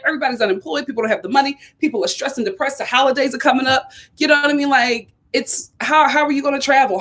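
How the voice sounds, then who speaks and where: Woman from Philly, live-stream host, casual and animated, quick to laugh. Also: a little high. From Philadelphia. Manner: chatty, animated, repeats herself, laughs often.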